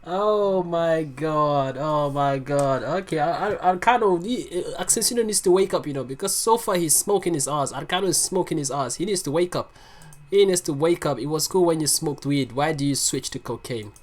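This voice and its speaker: Excitable, profane reaction video host. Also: mid-range voice, brisk, few pauses. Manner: excitable and profane, explains the lyrics aloud. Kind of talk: casual reaction commentary.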